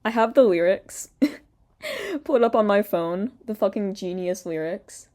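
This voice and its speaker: Young woman, sarcastic, swears a lot, laughs between lines, mellow voice, casual reaction commentary. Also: mid-range voice, big pitch swings, measured pace. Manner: mocks quoted lines in a put-on voice. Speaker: commentary YouTuber.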